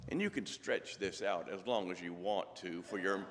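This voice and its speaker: A man reading scripture and telling an anecdote as a church lay speaker, in a measured, deliberate way. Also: sits low. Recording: long hall reverb.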